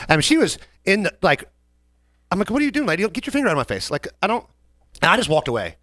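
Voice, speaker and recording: Fast, animated Southern man telling a story. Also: sits high, no room sound. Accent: American Southern. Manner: animated, acts out customers in quoted voices. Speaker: podcast co-host, bartender. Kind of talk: casual storytelling chat.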